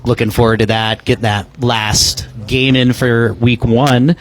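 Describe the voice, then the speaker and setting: A man co-hosting a podcast, reading league announcements and game notes in a measured way with many fillers. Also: mid-range voice, little pitch movement. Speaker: podcast co-host. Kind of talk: casual announcement.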